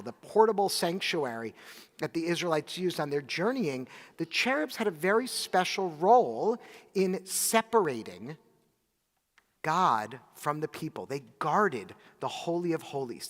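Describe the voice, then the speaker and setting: Rabbi guy giving a sermon, kinda higher voice, long echo from a big sanctuary. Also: a bit bright. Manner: reflective storytelling. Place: synagogue sanctuary. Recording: long reverb of a large sanctuary.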